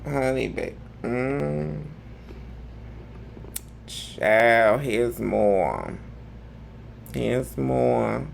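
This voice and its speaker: A man's voice: medium pitch, lively intonation, drawn-out words, vocal fry, long pauses, slight background noise. A man hosting a live gossip commentary show, talking in a sassy, campy way full of drawled slang. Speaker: host.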